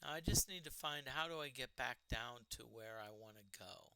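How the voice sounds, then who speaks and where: A man's voice: medium pitch, moderate pace, sharp tone, slight background noise, rough recording. A man casually commenting while streaming a retro role-playing game, chatting to the game and to his party members.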